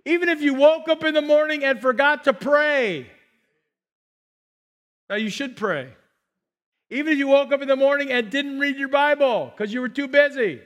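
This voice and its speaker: A man's voice: very high-pitched, expressive, moderate pace. A man, a pastor, preaching a sermon with emphatic repetition and call-and-response to the congregation.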